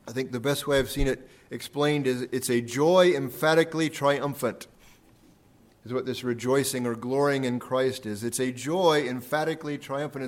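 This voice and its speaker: Man preaching an earnest sermon. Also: mid-range voice. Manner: earnest preaching, repeating key phrases for emphasis, volume rising and falling. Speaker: pastor. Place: church sanctuary.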